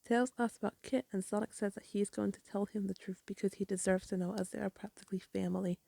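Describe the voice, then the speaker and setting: Gravelly-voiced woman reviewing a comic. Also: medium pitch, steady tone, fast talker, warm tone, dry recording. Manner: rambling, apologetic. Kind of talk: casual chat.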